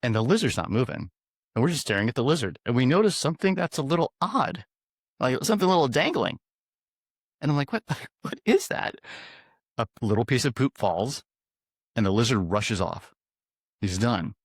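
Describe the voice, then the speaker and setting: A man from the US East Coast, a guest animal communicator telling stories in a casual interview with an animated, chuckling manner. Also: mid-range voice, a little fast, no room sound, clean studio sound.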